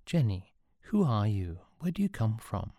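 A man's voice: fairly low pitch, big pitch swings, measured pace, warm tone, dry recording, studio quality, heavily acted. A man voicing a lonely young man lost in time, asking questions in a plain, wondering way.

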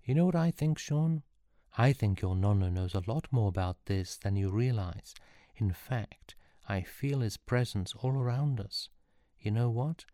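A man voicing a gentle, ageless young woman who travels through time, speaking softly and earnestly. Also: fairly low pitch, lively intonation, unhurried, no room sound, clean studio sound. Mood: tender.

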